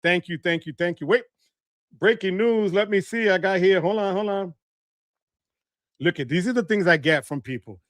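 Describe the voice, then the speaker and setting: A man's voice: high voice, moderate pace, long pauses, a bit bright, no echo, clean studio sound. A man hosting a casual livestream, reading the chat, greeting viewers by name and laughing often. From Bronx, New York. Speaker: livestream host.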